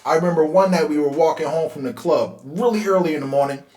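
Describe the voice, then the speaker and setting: A man in his forties from Philadelphia telling a personal life story in a casual, conversational way, getting animated when he relives tense moments. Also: a little high, quick pace. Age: 40s. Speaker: host. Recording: roomy echo.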